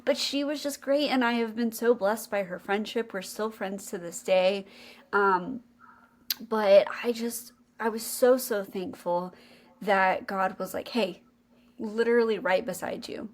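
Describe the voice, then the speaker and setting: A woman's voice: medium pitch, unhurried. A young adult woman hosting a podcast, telling a personal faith story in an earnest, emotional way. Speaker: podcast co-host.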